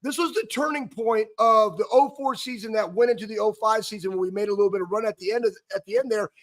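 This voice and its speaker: High-voiced man telling animated sports stories. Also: fast. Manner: animated, rambling with restarts and laughs. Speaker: co-host, former football player. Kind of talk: casual sports talk storytelling.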